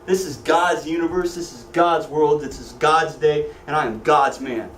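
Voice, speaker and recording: A Sunday school teacher with a slightly high male voice jokes with his Bible class and quizzes his students at a moderate pace. His tone is a bit bright, and a faint hiss or hum runs underneath. He sounds distant in the echoey church classroom.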